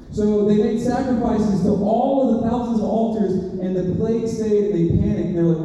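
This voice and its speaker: A man's voice: high-pitched, a little fast, mellow. A man preaching a sermon in a conversational storytelling way, acting out characters as he tells the story. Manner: conversational, acts out characters in quotes. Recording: roomy hall, distant mic, dull sound.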